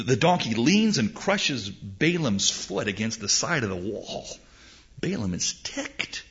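A man preaching with an animated, storytelling delivery, his pitch rising and falling widely. He often stumbles over repeated words as he restarts. The recording is dull and lo-fi.

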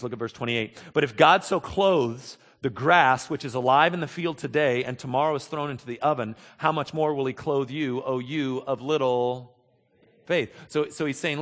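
A pastor preaching a conversational sermon, acting out the dialogue of the scripture stories with frequent restarts. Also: male voice, mid-range voice, normal speed, fairly bright tone, long reverb tail. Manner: conversational, acts out dialogue, repeats words.

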